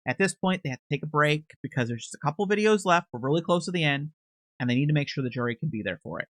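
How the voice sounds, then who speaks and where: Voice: medium pitch, lively intonation, fast, fairly bright tone, no echo. A commentator casually recapping video footage in a conversational, hedging way, with frequent restarts and unsure asides.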